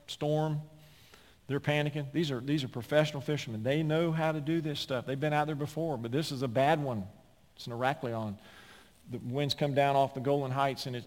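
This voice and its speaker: A man pastor preaching a sermon in an emphatic storytelling manner with quick asides, in a large church sanctuary. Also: medium pitch. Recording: long hall reverb.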